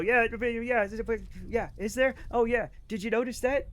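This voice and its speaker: High-voiced, excitable male streamer. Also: normal speed. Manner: rambling, excitable, swears freely, mock-angry at chat. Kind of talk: casual live-stream chat while gaming.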